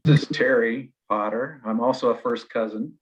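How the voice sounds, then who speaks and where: A man's voice: medium pitch, moderate pace, slight background noise. A man, a cousin, easily talking through an old photo at a memorial on a video call. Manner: easygoing, with uhs. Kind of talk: memorial remarks. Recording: dull video call audio.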